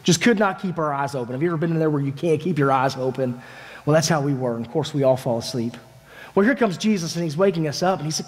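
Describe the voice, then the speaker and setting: A man, a families minister, preaching a sermon as a lively first-person story told in the voice of a disciple, with casual, dramatic phrasing. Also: fairly high pitch, quick pace. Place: church sanctuary. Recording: echoey church hall.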